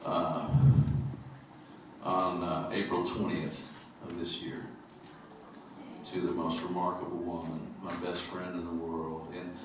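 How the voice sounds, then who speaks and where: A man from upstate New York spins loose, humorous stories between songs, full of fillers and asides. His voice sits very low. The live theater recording is heavily echoey and noisy. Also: completely flat delivery, takes it slowly, far from the mic. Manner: rambling, humorous storytelling with fillers. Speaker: singer-songwriter on stage. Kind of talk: stage banter between songs. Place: theater stage at a live concert.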